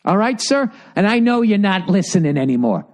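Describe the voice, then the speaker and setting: A man's voice: high-pitched, sing-song, fairly quick, a little mellow. A man in his fifties with a Boston accent, ranting profanely and with exasperation as a podcast host reading listener mail.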